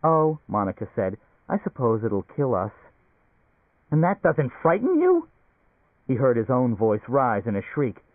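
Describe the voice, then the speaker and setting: Gruff, impatient stranded businessman, male reader, storybook, phone-thin. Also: medium pitch, normal speed, hardly any pauses, no echo, close to an everyday voice. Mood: panicked. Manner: gruff, irritable, urgent. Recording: tinny phone-like recording.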